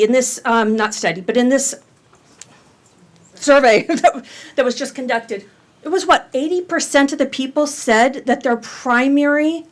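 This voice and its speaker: A middle-aged woman giving an earnest, firm public comment at a board meeting. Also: high voice. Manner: earnest, firm, reads a passage aloud.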